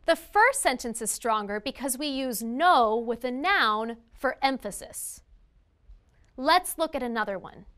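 A woman narrating a scripted grammar lesson, reading example sentences in a clear, deliberate way. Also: high voice, expressive, a bit bright. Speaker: grammar teacher.

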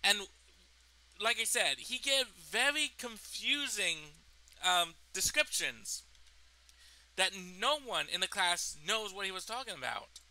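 A young man rambles through a personal story, swearing and restarting his sentences. His voice sits high and sounds very bright and sharp. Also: very animated, takes it slowly, rough recording. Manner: rambling, profane, full of fillers and restarts. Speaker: storytime vlogger. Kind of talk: casual storytime.

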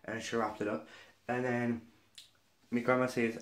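A man's voice: medium pitch, little pitch movement, brisk. A young man from Newcastle, telling a story in a casual vlog, chatty and gossipy, with some swearing. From Newcastle, England. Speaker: vlogger.

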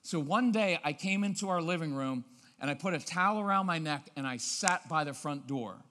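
A man giving a lively talk on parenting, often acting out parents' voices and checking with the audience. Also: fairly high pitch, moderate pace, slight background noise. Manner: lively, acts out parents' voices, keeps asking "right?". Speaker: parenting speaker. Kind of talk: animated seminar talk. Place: church auditorium. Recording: long reverb of a large hall.

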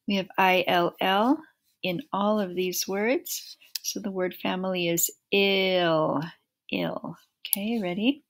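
Slow, deliberate woman teaching phonics. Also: medium pitch. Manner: slow, clear word-by-word repetition. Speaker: first grade teacher. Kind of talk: phonics lesson, slow blending drills.

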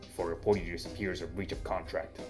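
A man doing a gruff, grim dragon leader. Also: sits low, flat delivery, quick pace, music in the background, natural voice. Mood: stern. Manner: gruff, stern, scolding. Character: stern, grim male drake, mean-looking leader.

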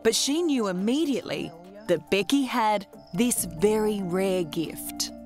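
An Australian woman reporter giving scripted, measured TV narration. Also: medium pitch, expressive, a little mellow. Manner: measured, polished delivery. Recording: narration over music.

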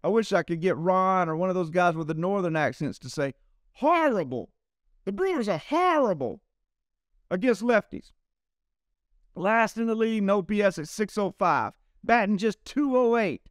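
A man's voice: high voice, brisk, hardly any pauses, clear, resonant tone, no echo, clean studio sound. A man with a Southern accent giving baseball betting picks, talking emphatically and straight to his viewers. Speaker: sports betting handicapper. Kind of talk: casual betting picks talk.

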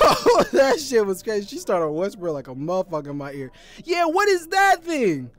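Brief: a gaming streamer man, bright and very lively, loud profane reactions. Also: high-pitched, moderate pace.

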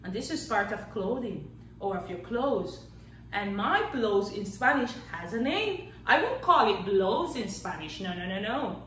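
A woman teaching a children's Spanish lesson in a playful, animated way. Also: mid-range voice, a little slow, reverberant, far from the mic, rough recording. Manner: animated and playful, claps out syllables, counts down magic tricks.

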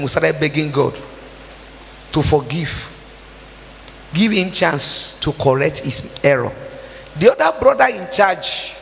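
A woman's voice: low voice, gravelly. A woman with a Nigerian accent preaching a storytelling sermon, slipping into Nigerian Pidgin. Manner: mixes in Nigerian Pidgin, acts out quoted dialogue. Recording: long reverb with faint hiss.

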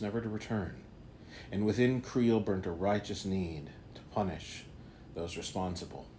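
A man, an author, reading his own fantasy novella aloud in a steady, unhurried voice. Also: low voice, slight background noise. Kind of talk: fantasy storybook narration. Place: home during quarantine.

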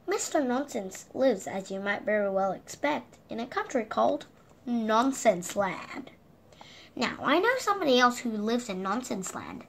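Animated woman reading a children's story. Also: on the high side, a little slow, gravelly. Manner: animated, asks the listening child questions. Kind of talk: reading a picture book aloud to children.

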